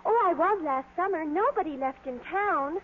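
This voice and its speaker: A woman's voice: very high-pitched, expressive, normal speed, narrow, tinny audio. An actress playing a cheerful young bride-to-be in a 1940s radio play, breezy in her delivery, on a scratchy old broadcast.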